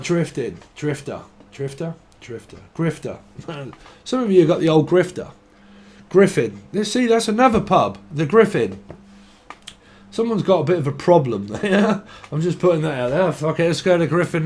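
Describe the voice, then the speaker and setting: A man's voice: a little high, expressive, moderate pace, a little mellow. A man rambles through a tarot reading, swearing freely and drifting off on tangents. His voice sits a touch above the usual male range. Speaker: tarot reader.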